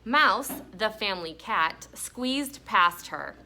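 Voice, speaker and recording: A woman teacher reading a children's book aloud with expressive, deliberate storytelling. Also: medium pitch.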